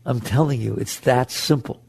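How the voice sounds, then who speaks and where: A man giving a spiritual talk to an audience, conversational and animated, acting out the voices in people's heads. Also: medium pitch, normal speed, vocal fry, breathy edge, dry recording, studio quality. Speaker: spiritual teacher.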